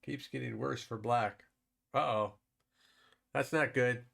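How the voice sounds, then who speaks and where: A man's voice: medium pitch, fairly even intonation, slow, creaky, fairly bright tone. A man from Wisconsin hosting a live stream, chatting casually with viewers while commenting on a board game and laughing often.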